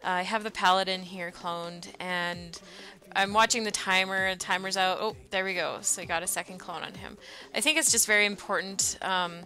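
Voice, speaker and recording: A woman's voice: mid-range voice, steady tone, normal speed, sharp tone. A woman giving a casual, chatty voice-over of her gameplay footage, with frequent ums and uhs. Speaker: gamer narrating her match footage.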